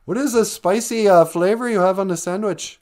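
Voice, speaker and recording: A man's voice: high-pitched, a little fast, a little mellow, voice pushed up, close to an everyday voice. A man putting on a fussy adult diner with a Minnesotan accent who finds mild food too spicy, talking in a sing-song way.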